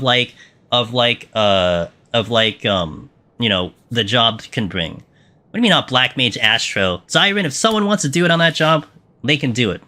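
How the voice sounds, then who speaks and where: Bright-voiced male game streamer. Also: medium pitch. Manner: chatty, answers chat questions, frequent fillers. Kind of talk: live gameplay commentary.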